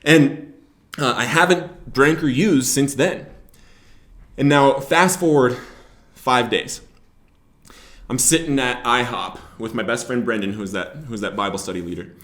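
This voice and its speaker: A man's voice: mid-range voice, unhurried, long pauses, echoey room. Man telling his own recovery story. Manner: emotional, rising to loud shouting in places. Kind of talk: personal testimony to camera. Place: Billings, Montana area.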